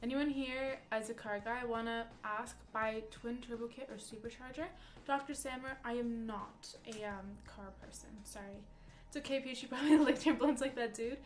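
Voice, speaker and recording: A young woman livestreaming from home, telling a story in a chatty, animated way full of "like" while reading chat. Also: on the high side, normal speed. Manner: chatty, animated, peppers speech with "like".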